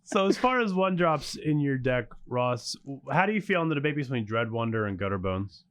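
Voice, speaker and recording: A man's voice: mid-range voice, animated, brisk, a bit bright. A man reading viewer questions to the players in a matter-of-fact way. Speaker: question reader.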